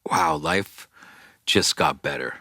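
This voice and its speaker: A man's voice: a bass voice, slow, pushed and bright, no echo, studio quality. A man being interviewed as a rock singer, rambling through casual stories and swearing often. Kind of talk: casual storytelling.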